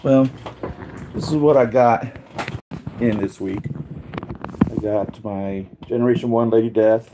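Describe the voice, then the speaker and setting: A man's voice: on the low side, fairly even intonation, measured pace, pauses often, background noise. A man hosting a casual live unboxing stream, talking in an easygoing, rambling way with asides to his viewers.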